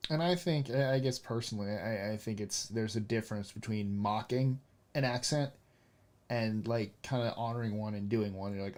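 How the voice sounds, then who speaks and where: A man's voice: lowish voice, normal speed, a little mellow. A man in casual chat, talking animatedly with lots of fillers and restarts. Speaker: role-playing game player.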